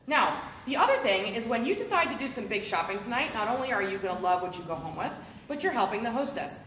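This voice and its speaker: A woman's voice: a little high, sing-song, quick pace, a bit bright, a little hiss or hum. Bubbly woman demoing products to a group. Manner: bubbly, playful, chatty. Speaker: party sales consultant. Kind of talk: live product demo to a group. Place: living room at a home party. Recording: roomy room recording.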